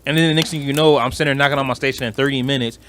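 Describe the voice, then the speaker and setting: A man's voice: mid-range voice, very fast, slight background noise. A young man ranting in a casual podcast chat, acting out what coworkers say. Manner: animated, ranting, acts out quoted coworkers. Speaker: podcast co-host.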